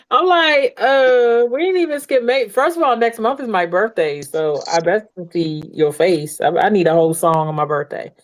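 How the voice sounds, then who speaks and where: A woman hosting a relaxed podcast, quick to laugh and talking warmly about trusting God. Her voice sits a little low. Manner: laughs easily, warm faith talk. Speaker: podcast host. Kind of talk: casual podcast chat.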